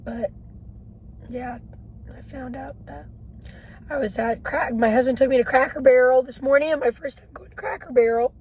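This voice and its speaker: A woman in her twenties talking in a personal video diary, halting and emotional, with many pauses. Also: high-pitched, fairly even intonation, darkish tone, husky, poor audio. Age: 20s. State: shaky. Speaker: vlogger.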